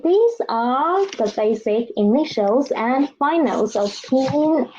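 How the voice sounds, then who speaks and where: Slow, patient woman teaching pinyin. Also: on the high side, a little mellow, muffled recording. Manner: slow, patient, demonstrates each sound and asks students to repeat. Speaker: Chinese teacher. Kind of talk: pinyin lesson for beginners.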